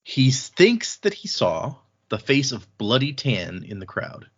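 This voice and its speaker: A man's voice: medium pitch, big pitch swings, a little slow, husky. A man hosting a podcast, casually recapping book chapters, laughing often and slipping into voices for quotes. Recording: dull lo-fi sound.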